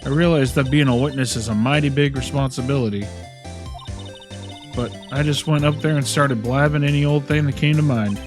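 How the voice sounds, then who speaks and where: A man's voice: medium pitch, brisk, music in the background, natural voice. A drawling Southern gal, as a man puts her on. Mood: folksy. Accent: American Southern, put on. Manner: folksy drawl, bargaining, says y'all. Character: loud excitable Southern woman photographer.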